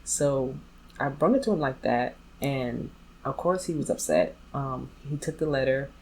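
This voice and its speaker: Low-voiced woman telling a candid story. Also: expressive, measured pace, darkish tone, slight background noise, rough recording. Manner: talks straight to viewers. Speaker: vlogger telling her story. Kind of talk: storytime vlog.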